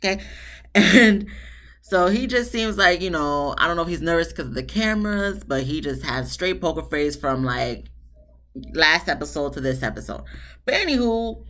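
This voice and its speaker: Chatty woman reviewing a TV show. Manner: chatty and animated, jumps into high-pitched asides. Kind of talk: casual solo review chat.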